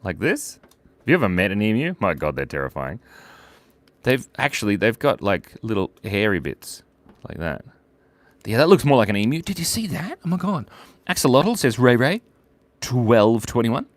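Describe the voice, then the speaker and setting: Playful male animator host, very lively pitch, dry close sound. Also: moderate pace, dry recording. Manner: playful, giggly, silly asides. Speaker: animator hosting a drawing livestream. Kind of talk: live drawing stream, chatting with viewers.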